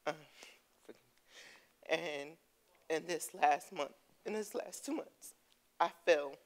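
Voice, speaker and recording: A woman giving a heartfelt personal testimony to her church, earnest and quick to laugh. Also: deep voice, poor audio. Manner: earnest, laughing, breaks into excited storytelling. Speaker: congregation member giving testimony. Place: church sanctuary.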